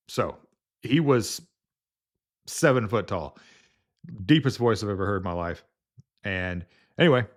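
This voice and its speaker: A man working as a home health nurse, casually telling a story in a rambling way, full of fillers and restarts. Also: medium pitch.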